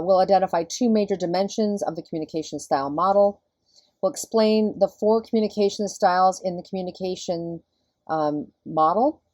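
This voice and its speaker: A middle-aged woman professor with a low, husky, slightly mellow voice gives a recorded lecture, explaining things step by step in a conversational way. There's no echo, and the high frequencies are cut off.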